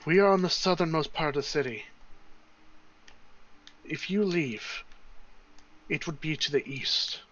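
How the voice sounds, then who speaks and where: A man narrating as game master for a tabletop game, in a casual, halting way with many fillers. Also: fairly high pitch, lively intonation, fairly bright tone. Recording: dull lo-fi sound.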